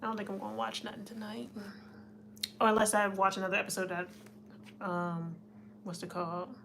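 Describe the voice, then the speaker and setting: A woman's voice: mid-range voice, level tone, brisk, vocal fry, a bit bright, a little hiss or hum. Chatty woman hosting a live stream. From United States. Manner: chatty, laughs often, talks to chat. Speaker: livestream host. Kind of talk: casual live chat reading comments.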